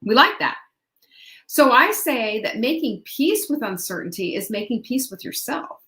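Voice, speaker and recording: A woman's voice: fairly high pitch, big pitch swings, moderate pace, pushed and bright. A middle-aged woman hosting a motivational talk, chatty and upbeat, who laughs often and asks the listener questions. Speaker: host. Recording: echoey room.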